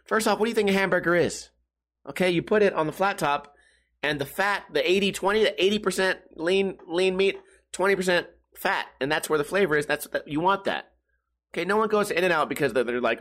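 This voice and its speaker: A man's voice: a little high, lively intonation, fast talker, a bit bright. A man hosting a casual podcast from home, ranting and joking with lots of swearing and exaggerated storytelling. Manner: profane, joking, exaggerated storytelling with mock voices. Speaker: podcast host. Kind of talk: casual comedic podcast rant. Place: home room.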